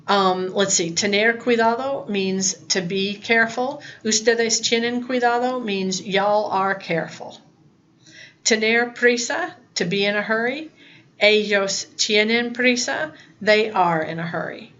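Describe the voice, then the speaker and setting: Lady teacher in her 50s, talks slow and plain, bright voice. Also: medium pitch, highs cut off. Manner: plain-spoken and chatty, with asides. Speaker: Spanish teacher. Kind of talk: recorded classroom lesson.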